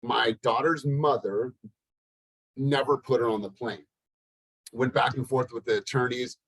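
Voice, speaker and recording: A man hosting a team coaching call from a hotel room, telling a story with animated, acted-out dialogue. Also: medium pitch, measured pace, breathy edge, no room sound, poor audio. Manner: animated, acts out both sides of a dialogue. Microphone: laptop or webcam on a video call.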